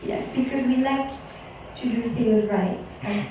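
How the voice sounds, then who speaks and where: A French-accented woman delivers a slow, deadpan stand-up set in a slightly high voice. She is heard from far off in a very reverberant museum hall. The sound is dull, with a faint room hum underneath. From France. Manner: dry, deadpan, self-mocking delivery. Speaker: stand-up comedian, translation researcher. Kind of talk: live stand-up comedy set. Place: large indoor museum hall with audience.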